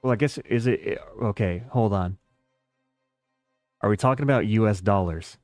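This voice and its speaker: A man's voice: fairly low pitch, moderate pace, darkish tone, no echo, studio quality, faint music behind. An American man chatting casually with his live chat while playing a strategy game, rambling and self-deprecating. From United States. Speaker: game streamer.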